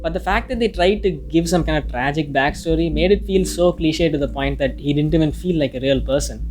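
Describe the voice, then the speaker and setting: A man's voice: a little high, a little mellow. A man reading a casual, opinionated film review, now and then swearing mildly. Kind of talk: scripted review narration. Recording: music playing faintly behind.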